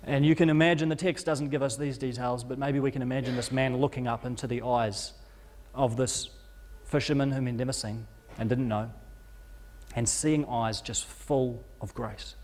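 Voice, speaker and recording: A man's voice: mid-range voice, darkish tone, in a large hall. A male preacher telling a story as a sermon, vivid and dramatic, rising and falling in intensity with occasional stumbles. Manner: vivid retelling that rises and falls in intensity, with stumbles.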